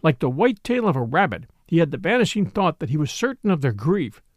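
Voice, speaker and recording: A man narrating a mystery story aloud in an expressive storytelling style. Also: fairly high pitch, brisk, no room sound. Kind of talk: scripted audiobook narration.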